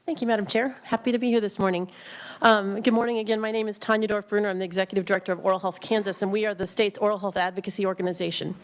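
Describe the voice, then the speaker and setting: A woman delivers committee testimony at a quick clip, racing through her points. She fills gaps with ums and often restarts her sentences, though her pitch stays at an ordinary middle level. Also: fairly even intonation. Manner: rushed, with frequent ums and restarts. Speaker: executive director testifying to a legislative committee.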